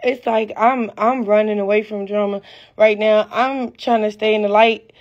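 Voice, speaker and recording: A woman talking casually on a live stream, rambling and excitable, full of slang and losing her train of thought. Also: mid-range voice, moderate pace, muffled recording.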